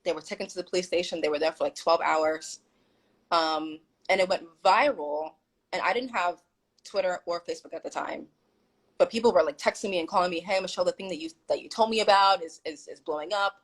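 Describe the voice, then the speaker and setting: Husky woman telling a story animatedly. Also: on the low side, brisk, rough recording. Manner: animated, acts out quoted dialogue. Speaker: guest. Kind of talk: casual storytelling on a live chat.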